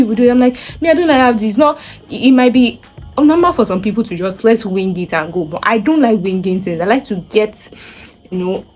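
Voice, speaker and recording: A young woman in her twenties with a Nigerian accent, telling a story to camera in a lively, casual way and acting out what people said. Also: mid-range voice. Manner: animated, acts out quoted voices. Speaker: vlogger.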